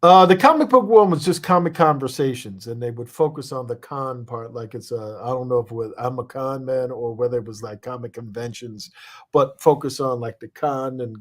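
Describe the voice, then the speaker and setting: A man's voice: mid-range voice, normal speed. Easygoing guy chatting as a guest, lots of ums, pokes fun at himself. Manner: laid-back, self-deprecating, many fillers. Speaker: guest, comics and TV writer. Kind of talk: casual interview chat.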